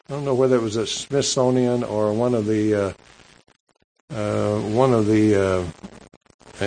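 A man preaching a sermon, reading scripture and adding asides in a measured, halting delivery with frequent repeats. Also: mid-range voice, darkish tone, a little hiss or hum, rough recording.

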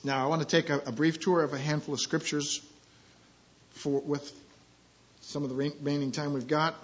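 A man with a high voice preaches a sermon, dropping to quiet asides and then rising into loud, emphatic scripture readings. He repeats his key phrases for emphasis. The recording sounds dull and lo-fi. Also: flat delivery, moderate pace.

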